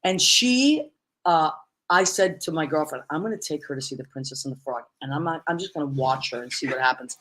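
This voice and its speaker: With a low, fairly bright voice and a slightly fast delivery, a female talk show host conducts a casual interview. She tells her stories effusively, exclaiming often.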